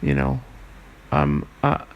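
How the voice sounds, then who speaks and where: A young man hosting his own podcast, talking earnestly and haltingly with many restarts and fillers, swearing now and then. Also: medium pitch, very animated, gravelly, lo-fi sound, slight background noise. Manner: swears casually. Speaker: podcast host. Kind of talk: casual solo podcast monologue.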